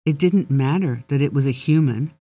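A narrator reads a storybook aloud in a steady, gently expressive manner. The voice is mellow and warm, and the recording is dry and close. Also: medium pitch, moderate pace, dry recording. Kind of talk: audiobook narration.

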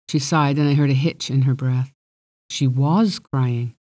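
An audiobook reader narrating a first-person fantasy story in a wry, measured way. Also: mid-range voice, a little mellow.

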